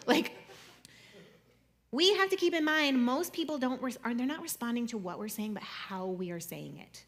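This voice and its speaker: A young adult woman speaking to an audience in a conversational, jokey way, swinging between loud and soft. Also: fairly high pitch, lively intonation, moderate pace. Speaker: speaker giving a talk.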